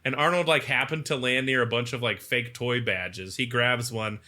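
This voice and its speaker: A man co-hosting a podcast, casually retelling a movie's plot and acting out its lines in quick mock voices. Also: mid-range voice, fairly even intonation, bright, forceful tone. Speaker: podcast co-host. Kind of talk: casual movie recap chat.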